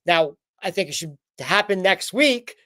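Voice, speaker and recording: A man's voice: high-pitched, animated, a little slow, bright, forceful tone, dry recording. A man co-hosting a wrestling recap podcast, chatting casually and rambling with frequent restarts. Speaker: podcast co-host.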